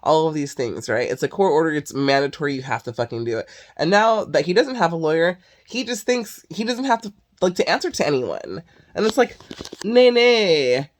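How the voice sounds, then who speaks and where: A woman's voice: low-pitched, big pitch swings, fairly quick. A woman venting in a casual monologue, swearing constantly, sighing and filling her talk with "like". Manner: heavy swearing, exasperated ranting; sighs and filler "like" often. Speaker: vlogger.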